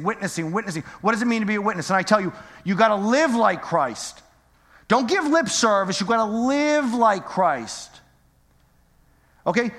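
A man's voice: high-pitched, fairly bright tone. A middle-aged man preaching a sermon in a casual, joking way, full of questions to the congregation. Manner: conversational, joking, rhetorical questions. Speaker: pastor. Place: church hall. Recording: echoey church hall.

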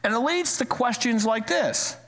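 A male pastor delivering a sermon in an animated way, repeating key phrases for emphasis. His voice sits high and swings widely in pitch. It rings out with a long reverb in a large sanctuary. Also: unhurried. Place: church sanctuary, live-streamed.

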